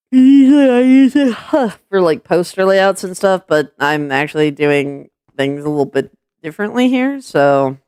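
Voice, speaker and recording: A streamer from Washington State with a Pacific Northwest American accent chats and rambles casually on a live stream, using lots of fillers and swearing. His mid-range voice is clear and resonant, recorded at studio quality with no echo.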